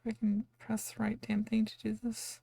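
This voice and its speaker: Sleepy woman streamer, heavy vocal fry. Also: fairly high pitch, flat delivery, normal speed, dark tone, no echo. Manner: drowsy, rambling, trails off, casual swearing. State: sleepy, yawning. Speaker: game streamer. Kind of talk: casual live-stream chat.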